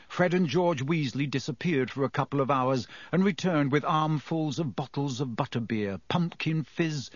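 Audiobook narrator, male, fairly high voice, lively storytelling, dry booth. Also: no echo.

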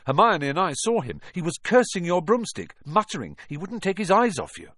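Anxious young schoolboy, as a man puts him on, urgent and hurried. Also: high voice, sing-song, fairly bright tone, dry recording, studio quality, voice pushed up, exaggerated voice.

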